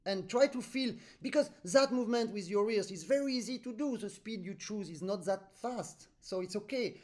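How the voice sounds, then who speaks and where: A man's voice: high-pitched, normal speed, a little mellow. A man with a French accent teaching accordion over a video call, patiently explaining with vivid comparisons and singing out rhythms. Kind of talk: online master class.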